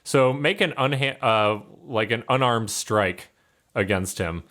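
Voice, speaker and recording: A man's voice: mid-range voice, a little slow, a bit bright. A man narrating as game master in a tabletop game, loose and casual with many fillers.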